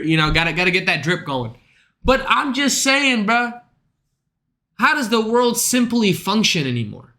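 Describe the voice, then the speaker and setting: Streamer guy ranting to chat, high and bright voice, swears a lot, keeps rambling. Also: very animated, normal speed. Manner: profane, exasperated, rambling.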